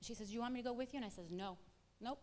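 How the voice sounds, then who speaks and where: Middle-aged woman, church testimony, lively storyteller acting out dialogue, long hall reverb. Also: a little high, rapid-fire, a little hiss or hum. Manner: animated storyteller acting out quoted exchanges. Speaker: church member giving testimony. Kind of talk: personal testimony to a congregation.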